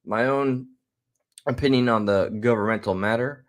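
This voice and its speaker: A man casually commenting while reacting to a clip, chatty and rambling, with restarts. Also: medium pitch. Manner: chatty, laughs and restarts, drawn-out asides. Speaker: commentary host.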